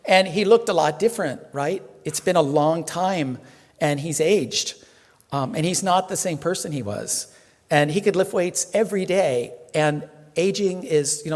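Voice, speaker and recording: In a temple hall full of long, ringing reverb, a reverend preaches casually, trading jokes with the congregation and leaning on lots of fillers. For a man, his voice runs slightly high.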